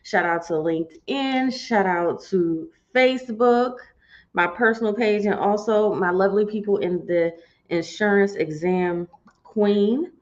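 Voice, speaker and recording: A woman's voice: mid-range voice, a little slow. A woman hosting a live-streamed morning show, chatty and folksy, talking straight to her viewers. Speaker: host. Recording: dull lo-fi stream audio.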